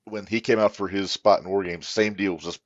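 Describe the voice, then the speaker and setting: Deep-voiced man, dull dry recording. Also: steady tone, fairly quick, dry recording. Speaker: podcast co-host. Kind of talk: casual chat.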